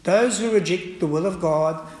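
A man who is a priest, preaching a sermon forcefully, with frequent "uh" fillers and restarts. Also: high-pitched, normal speed. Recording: echoey room.

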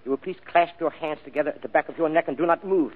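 An actor playing a fussy, overly courteous foreign gentleman with formal phrasing in a vintage radio drama. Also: a little high, fast talker, lightly acted. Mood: cold polite. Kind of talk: 1940s radio acting. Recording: tinny old radio broadcast recording.

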